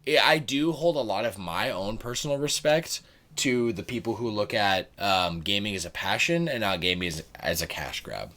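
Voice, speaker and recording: A man's voice: lowish voice, big pitch swings, normal speed, pushed and bright. A man co-hosting a casual podcast chat with the hiccups, rambling and hedging with fillers. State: has the hiccups. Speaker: podcast co-host.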